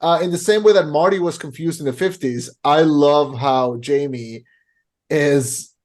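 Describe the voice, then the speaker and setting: A man co-hosting a podcast, chatting casually about a film and retelling its scenes in animated, rapid bursts. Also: a little high. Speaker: podcast co-host. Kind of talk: casual movie review chat.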